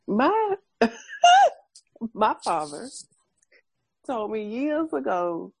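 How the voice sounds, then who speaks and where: A woman's voice: a little high, sing-song, extremely slow, long pauses, breathy edge, no room sound. A woman co-hosting a casual chat, speaking frankly, swearing freely and laughing often.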